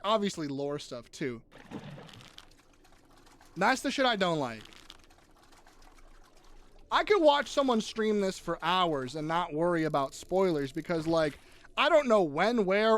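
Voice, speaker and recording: A young man chatting casually on a live gaming stream, jokey and swearing, quick to tear up. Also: sits high. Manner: animated, swearing, jokey, easily teary.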